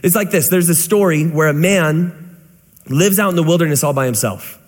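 Young male pastor with a high, animated voice. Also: moderate pace, in a large hall. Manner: animated storyteller, acts out voices and sounds. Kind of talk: sermon.

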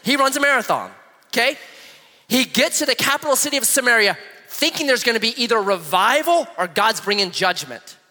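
Lively high-voiced preacher in a reverberant hall. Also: male voice, brisk. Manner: animated storytelling with acted-out quotes. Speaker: pastor. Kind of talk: sermon.

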